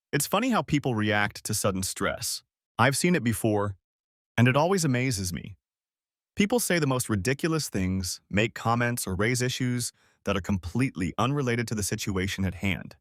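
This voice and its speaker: A man reads a first-person story aloud in a measured narrator's voice. His pitch moves a lot, and the close recording has almost no room sound. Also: expressive, fairly bright tone, dry recording.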